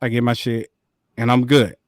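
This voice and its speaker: A man co-hosting a podcast, telling a story in a casual, animated way, full of profanity and quick laughs. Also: medium pitch, no room sound, studio quality. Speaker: podcast co-host.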